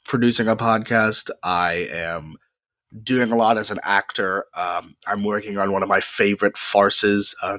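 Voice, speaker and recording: A man in his twenties hosts his own podcast alone, talking in a chatty, rambling way with frequent pauses into a close mic. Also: deep voice, a bit bright, no room sound. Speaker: podcast host. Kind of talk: casual solo podcast monologue.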